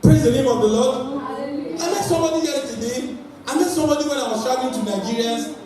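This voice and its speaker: A man preaching an energetic sermon and calling on his congregation to respond. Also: extremely high pitch, fast talker, a crowd in the background. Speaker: pastor. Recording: echoey hall, voice from far off, faint noise.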